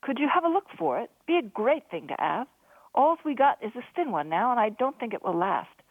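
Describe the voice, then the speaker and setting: A woman's voice: on the high side, big pitch swings, fairly quick, slightly rough, no echo, voice pushed up, exaggerated voice. A woman voicing a chatty ship's cook. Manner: folksy, chatty. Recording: dry, phone-like narrow sound.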